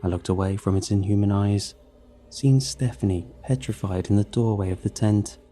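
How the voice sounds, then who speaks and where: A man reading a horror story aloud in a measured, grim way. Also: on the low side, warm tone. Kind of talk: scripted horror narration. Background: faint music.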